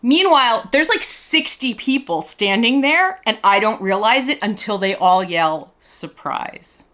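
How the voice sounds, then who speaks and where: A bright, forceful-voiced woman in her fifties chats her way through a doll review. She tells stories animatedly, peppering them with "like" and little restarts, and gushes over the doll's pieces. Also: fairly high pitch, unhurried. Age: 50s. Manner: chatty, animated storyteller with many "like" fillers; enthusiastic about the doll. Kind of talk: casual vlog chat and storytelling.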